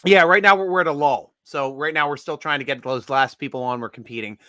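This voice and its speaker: A man's voice: a little high, fast talker, pushed and bright, no echo. A man hosting a casual sports draft show, joking and rambling, laughing often. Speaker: podcast host.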